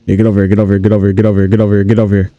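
Dude doing a horror game let's play, talks slangy and hyped at the chat, mellow voice, dry close mic. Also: male voice, fairly low pitch, racing, dry recording, muffled recording. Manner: animated, slangy, talks to viewers. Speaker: gaming YouTuber. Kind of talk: casual let's-play commentary.

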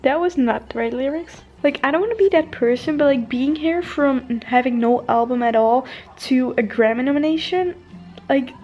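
A young woman, chatting in a casual vlog and gushing excitedly with lots of fillers. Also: a little high, muffled recording. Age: young adult. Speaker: vlogger.

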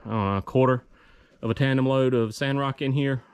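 A man talking casually through a farm vlog outdoors, relaxed and rambling with many fillers. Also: medium pitch, a little fast, clear, resonant tone, no echo. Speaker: farm vlogger.

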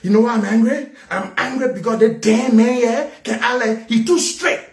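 A man hosting a talk show, ranting angrily about a political party with repeated challenges and bursts of shouting. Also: extremely high pitch, moderate pace, echoey room. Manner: fiery, repetitive, shouting at times. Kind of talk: angry political rant.

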